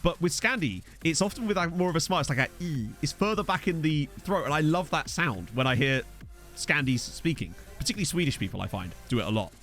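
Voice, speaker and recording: A man streaming a football management game, rambling and riffing with his chat between excitable outbursts. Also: a little high, fast, soft background music.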